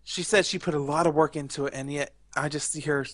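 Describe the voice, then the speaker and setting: Young man, bright tense voice, dry close sound, rambling casual chat, opinionated. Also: on the high side, steady tone, fast talker, dry recording. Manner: rambling, filler-heavy, opinionated. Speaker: podcast co-host.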